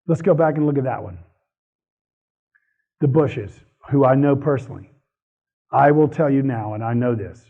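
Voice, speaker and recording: Man, live talk to an audience, animated, opinionated, husky voice, tinny phone-like sound. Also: on the high side, normal speed, pauses often. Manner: animated, opinionated, laughs between points. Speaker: speaker on economic policy.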